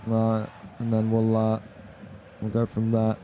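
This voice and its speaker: A man's voice: on the low side, monotone, unhurried, muffled recording, a little hiss or hum. A young man hosting a live esports stream, talking bluntly and swearing freely as he rants at his chat. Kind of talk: casual live-stream commentary.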